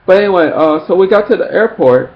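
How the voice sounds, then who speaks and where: A man telling a personal story in a casual, rambling way, acting out friends' lines in shrill high voices. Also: expressive, fast talker. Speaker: vlogger. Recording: dull lo-fi sound with faint background noise.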